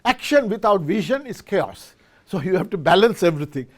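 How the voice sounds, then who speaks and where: A man's voice: high voice, very animated, a little fast. A middle-aged man giving a motivational business talk to a live audience, quizzing listeners and often restarting his words. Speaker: speaker at a business forum. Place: event hall with a live audience.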